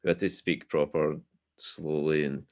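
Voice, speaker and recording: A Scottish man chatting as a podcast guest, telling relaxed, self-deprecating stories. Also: extremely low pitch, a little slow. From Scotland. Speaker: guest musician. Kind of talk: casual podcast chat.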